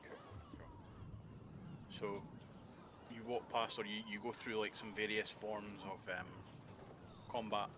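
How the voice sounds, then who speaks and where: Male game master, lowish voice, easygoing narration with fillers, noisy voice-chat recording. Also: unhurried, pauses often. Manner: relaxed, with frequent ums and uhs. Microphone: computer mic on voice chat.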